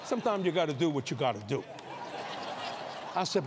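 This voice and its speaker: A man's voice: a little high, animated, fairly quick, noisy background. A middle-aged man preaching a humorous sermon on a convention stage, acting out scenes with sound effects. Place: convention stage before a live audience.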